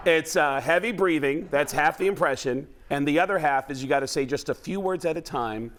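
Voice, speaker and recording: A man from New York, a talk-show guest impressionist, telling stories in animated casual chat and breaking into voices. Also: on the high side, brisk.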